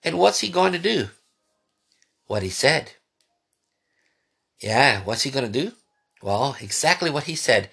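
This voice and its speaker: A man with a husky, bright voice preaches a sermon. His pitch leaps and falls as he builds emphasis and fires questions at the congregation. He retells scripture in casual everyday words. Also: big pitch swings, a little slow, long pauses. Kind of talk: sermon teaching.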